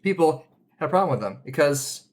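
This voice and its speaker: A man's voice: a little high, lively intonation, fairly quick, darkish tone. A man co-hosting a podcast in casual chat, hesitant and fumbling for names with lots of fillers. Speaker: podcast co-host.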